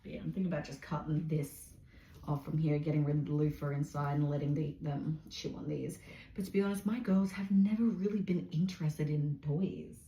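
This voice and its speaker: Chatty low-voiced Australian woman. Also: fairly even intonation, a little fast, warm tone. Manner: chatty, rambling, talks to pets in sing-song baby talk. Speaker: pet vlogger. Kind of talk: casual chat while cleaning. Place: indoors at a large pet cage. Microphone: phone camera resting on a cage shelf. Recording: echoey room, faint noise.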